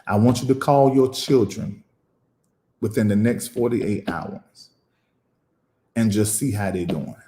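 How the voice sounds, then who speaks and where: A man who is a preacher and show host giving emotional live-stream commentary, emphatic and preachy, repeating phrases and pausing at length. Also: fairly low pitch, dark tone, reverberant.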